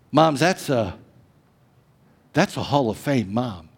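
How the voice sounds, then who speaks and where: A man preaching a sermon as pastor, animated, swinging between loud emphasis and hushed, drawn-out lines. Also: mid-range voice, breathy edge. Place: church sanctuary. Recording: long reverb of a church hall.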